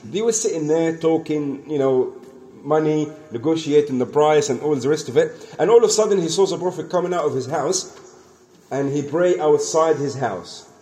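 Earnest man preaching, mellow voice. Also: on the high side, normal speed. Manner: earnest, repetitive, acts out the dialogue of the story. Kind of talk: sermon storytelling.

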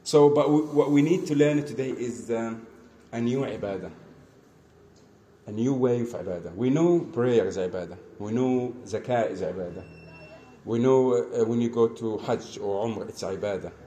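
A man preaching an earnest lesson, repeating phrases and swinging between soft asides and emphatic calls. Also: mid-range voice, moderate pace, a little hiss or hum. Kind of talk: mosque lesson, storytelling sermon.

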